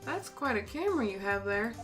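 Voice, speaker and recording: A woman's voice: on the high side, sing-song, brisk. A woman voicing an earnest young male defense lawyer in a plain, questioning way, with faint game music behind.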